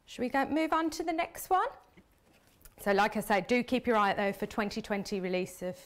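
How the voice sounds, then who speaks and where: A woman's voice: medium pitch, a little fast. A woman demonstrating card making on a live stream, chatting as she works with her hands. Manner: chatty, talks while working with hands. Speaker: craft demonstrator.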